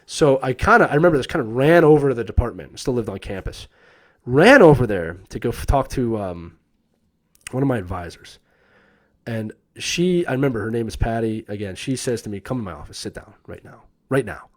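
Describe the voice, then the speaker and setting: A man's voice: mid-range voice, fairly quick. A man in his thirties hosting a live stream, casually telling a personal story and acting out the voices of the people in it. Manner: animated, acts out quoted voices, laughs often.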